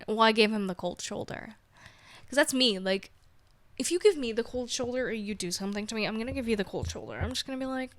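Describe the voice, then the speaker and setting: A woman's voice: fairly high pitch, animated, fairly quick, bright, forceful tone, dry recording. Rambling chatty woman podcaster, dry sound. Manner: rambling, chatty, self-mocking, laughs often. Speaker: podcast host. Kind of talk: casual solo chat.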